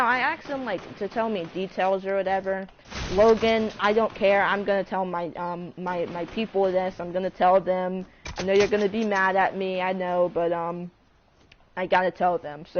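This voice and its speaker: A male storyteller in a casual storytime vlog, rambling with lots of fillers and self-corrections. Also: sits high. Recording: muffled lo-fi recording with faint hiss.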